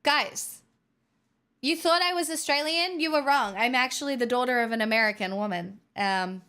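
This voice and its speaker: A woman's voice: on the high side, normal speed, bright, forceful tone, clear, resonant tone. A young woman streamer chatting casually with her viewers, giggly and rambling. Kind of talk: casual live-stream chat.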